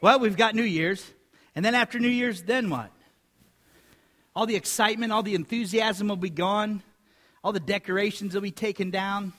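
A man's voice: high-pitched, moderate pace, fairly bright tone, in a large hall. A man preaching a sermon to his congregation, conversational and joking in his asides. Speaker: pastor. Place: church sanctuary.

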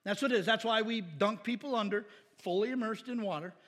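A man pastor preaching a casual, animated sermon in a church, with shouted bursts. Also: high voice, fairly quick, long reverb tail. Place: church sanctuary.

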